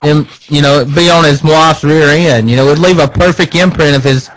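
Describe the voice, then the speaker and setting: A man's voice: fairly high pitch, steady tone, normal speed, slight background noise, low-quality recording. Chatty, jokey male radio co-host. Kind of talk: casual talk radio banter.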